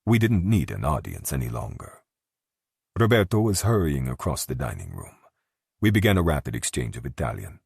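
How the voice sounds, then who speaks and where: Super deep gruff man reading a romance audiobook, gravelly and husky, dry close sound. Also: a little mellow, dry recording. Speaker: audiobook narrator. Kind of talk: first-person romance narration.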